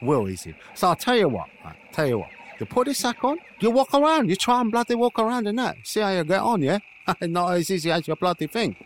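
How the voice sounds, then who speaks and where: A man voicing a bossy, gruff trainer who swears constantly, in an improvised comedy podcast. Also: high-pitched, big pitch swings, a little fast, few pauses, a little hiss or hum. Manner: peppers every sentence with swearing, bossy.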